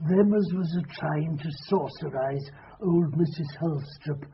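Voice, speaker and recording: A deferential old male country butler, apologetic and rustic in speech, with a high voice. He sounds like a muffled old radio play, a faint hiss underneath. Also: unhurried. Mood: earnest. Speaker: butler Rainbird. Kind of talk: radio drama acting.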